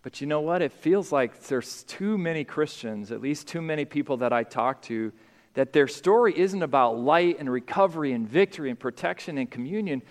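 A male pastor preaching a sermon, climbing to loud, high emphatic peaks and then dropping quiet. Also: lively intonation, normal speed. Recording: long hall reverb.

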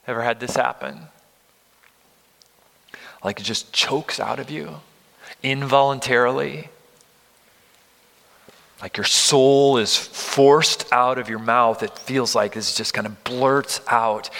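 A man in his fifties preaching a sermon, earnest and emphatic, moving between loud stress and near-whispers. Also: mid-range voice, vocal fry. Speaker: pastor. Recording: long reverb of a large hall.

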